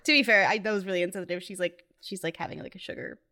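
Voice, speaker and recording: A woman's voice: mid-range voice, steady tone, rapid-fire, pushed and bright. A woman co-hosting a podcast in casual chat, playful and joking, often giggling. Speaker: podcast co-host.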